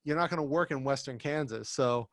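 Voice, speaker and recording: A man's voice: medium pitch, a little fast, fairly bright tone, no echo. A man in his thirties co-hosting a podcast, talking casually and joking, sometimes putting on voices. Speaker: podcast co-host.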